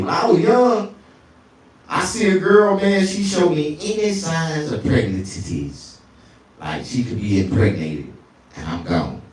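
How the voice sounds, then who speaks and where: A male stand-up comedian telling crude stories, often jumping into falsetto. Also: big pitch swings, a little slow, a little mellow, heavy reverb, recorded from a distance. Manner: crude, storytelling, swings into falsetto.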